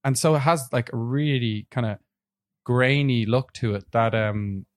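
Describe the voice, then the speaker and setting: A man co-hosting a relaxed podcast, reviewing films in loose conversation. He talks in a rambling, halting way, full of fillers and restarts. The sound is dry and close, with no room around it. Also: medium pitch, clean tone, no echo. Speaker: podcast co-host. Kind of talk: casual film review chat.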